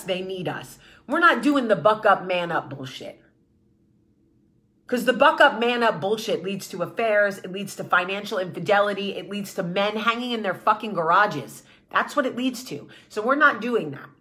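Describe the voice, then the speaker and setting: A woman's voice: mid-range voice, expressive, normal speed, sharp tone. A woman hosting her vlog, giving an impassioned, blunt monologue with swearing and repeated rallying phrases. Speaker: vlog host.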